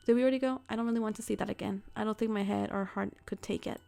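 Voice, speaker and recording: A woman's voice: medium pitch, steady tone, rapid-fire, gravelly, warm tone. Emotional woman reacting to a game. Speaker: let's play streamer. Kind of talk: visual novel let's play commentary.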